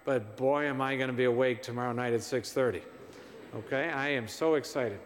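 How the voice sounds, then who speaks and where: A man's voice: mid-range voice, brisk, a little hiss or hum. A priest giving a conversational homily in a church; he asks the congregation questions, repeats himself for emphasis and sounds tired. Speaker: visiting priest. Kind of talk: parish mission homily. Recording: long church reverb.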